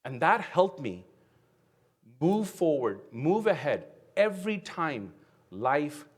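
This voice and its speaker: A man in his fifties, originally from India, delivers a motivational keynote at a conference. His voice sits a little higher than most men's, and he tells his story in an earnest way, often tagging his sentences with "right?". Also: sing-song, takes it slowly, husky. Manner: earnest storytelling with frequent "right?" tag questions. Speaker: keynote speaker. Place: conference venue.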